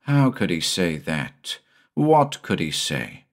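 A man narrating a horror short story in a measured, somber way. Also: sits low, wildly swooping pitch. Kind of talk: audiobook narration.

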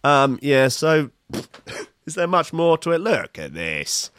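A man's voice: a little high, big pitch swings, takes it slowly, fairly bright tone, clear, resonant tone, no room sound, studio quality. A man giving comic, profane reaction commentary on a video clip, sarcastic and rambling.

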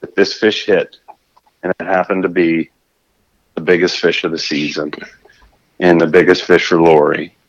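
Animated lower-voiced man telling a story. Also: moderate pace, pauses often, highs cut off. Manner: animated, acts out his own shouts and scrambles with restarts. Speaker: guest telling a fishing story. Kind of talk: casual storytelling.

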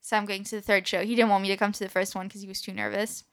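A woman from France, with a slightly odd mix of French and American accents, chats casually as a guest and giggles easily. Her mid-range voice is flat in delivery and rapid-fire.

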